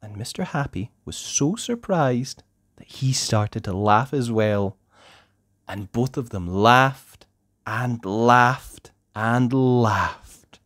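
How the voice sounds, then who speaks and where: A storyteller reading a children's picture book aloud in an expressive, sing-song way. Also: mid-range voice, dry recording, clean studio sound.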